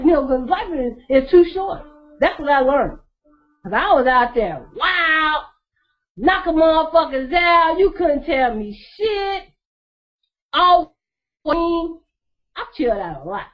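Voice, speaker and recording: A woman's voice: sits high, lively intonation, measured pace. A woman telling her story casually to her viewers, blunt and profane, laughing often. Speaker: vlogger. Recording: dull lo-fi recording.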